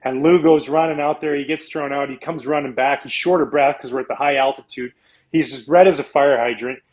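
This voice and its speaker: A middle-aged man from Canada tells stories in a relaxed interview. He bounces between his easy speaking voice and high, squeaky impressions of the people in his stories. His delivery stays casual and full of energy. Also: fairly quick, rough recording. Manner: animated storyteller, acts out quotes in a high voice. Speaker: guest, former pitcher.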